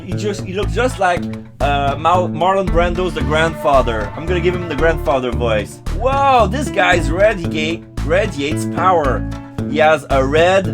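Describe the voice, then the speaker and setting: Chatty let's play host, lively pitch, unhurried, game music behind. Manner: chatty, reads dialogue aloud and jokes. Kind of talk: casual game commentary and reading.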